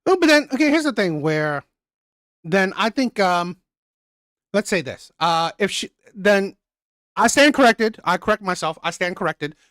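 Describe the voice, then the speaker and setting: A man's voice: sits high, animated, measured pace, a bit bright, dry recording. A man hosting a reaction channel, ranting with heavy profanity and repeating himself. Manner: profane, heated, repetitive.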